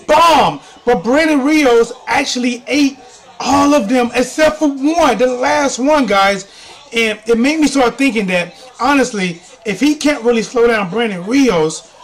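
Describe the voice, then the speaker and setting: A man with a very high-pitched voice hosts a sports recap, reacting loudly and repeating every point back to his viewers. His delivery is excitable and informal. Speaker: sports commentary host. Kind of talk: live reaction and recap commentary.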